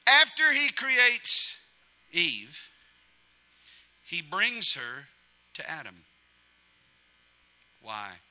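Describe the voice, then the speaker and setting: A middle-aged man preaching a sermon, humorous and animated, acting out quotes in different voices. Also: high-pitched, drawn-out words, long pauses. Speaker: pastor.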